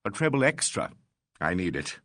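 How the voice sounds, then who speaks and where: A man's voice: fairly low pitch, big pitch swings, moderate pace, a bit bright, dry recording, clean studio sound. A man voicing a melodramatic, self-pitying actor in a mystery audiobook, sighing and affected. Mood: wistful.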